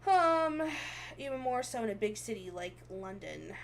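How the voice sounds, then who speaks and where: Giggling often, a young VTuber streamer reads viewer comments and chats casually. She speaks at normal speed in a mid-range, sing-song voice with some vocal fry, over a slight background hiss or hum.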